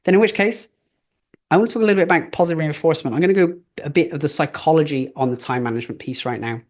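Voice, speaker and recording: A man's voice: on the high side, rapid-fire, darkish tone. A middle-aged man giving a live business coaching session, casual and chatty, telling stories with fillers. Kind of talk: live training talk.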